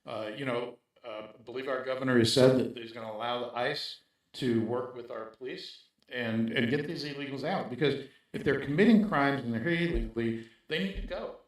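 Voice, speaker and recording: A man's voice: medium pitch, fairly quick. Emphatic man in a very echoey room. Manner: emphatic, repeats points with "right?". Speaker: guest. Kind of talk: casual interview talk.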